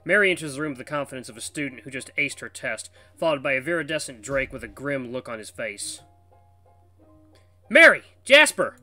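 A man narrating a visual novel at a quick clip, in a bright, forward voice. His storytelling is brisk and lively, with faint music under him. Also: mid-range voice, no echo.

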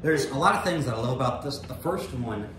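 A man's voice: medium pitch, lively intonation, brisk, noisy background. A man leading a small-group Bible lesson, speaking earnestly and unhurriedly, with fillers and restarts. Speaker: Bible study leader. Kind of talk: informal Bible teaching.

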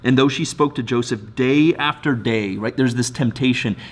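A man gives a short daily devotional as a pastor. His voice sits at an ordinary middle pitch, and he speaks in an earnest, conversational way. He often restarts his phrases and checks in with the listener. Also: moderate pace. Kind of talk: devotional sermon.

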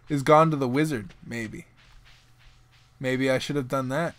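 A man giving casual, excitable commentary while playing a video game, often bursting into loud exclamations. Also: medium pitch, slow pace, long pauses, slight background noise. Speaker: let's play host.

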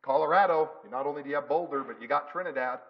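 A man's voice: fairly high pitch, quick pace, highs cut off. A male pastor preaching a sermon in a church, emphatic, with repeated phrases. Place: church sanctuary.

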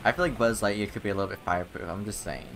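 A man's voice: fairly low pitch, very fast, a bit bright, slight background noise. A young man giving casual let's-play commentary, often frustrated and swearing, laughing at himself. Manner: frustrated, swearing, self-mocking. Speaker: gaming channel host. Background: game music.

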